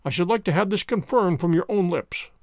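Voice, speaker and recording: A man voicing a calm, precise male detective who speaks in a cold, measured way. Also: sits high, dry recording, studio quality. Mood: cool.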